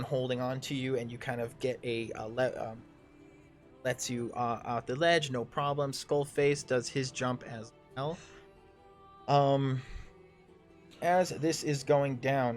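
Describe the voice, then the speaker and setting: A man narrating a tabletop game as game master, talking casually with many fillers and swearing. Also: medium pitch.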